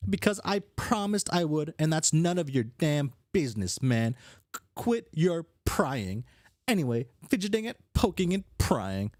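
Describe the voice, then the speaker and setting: A man's voice: on the high side, very animated, a little slow, a little mellow, no echo, studio quality, voice pushed up. A man voicing a brash, sarcastic young female alien troll who swears and mocks. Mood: snippy. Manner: cocky, swearing, mocking.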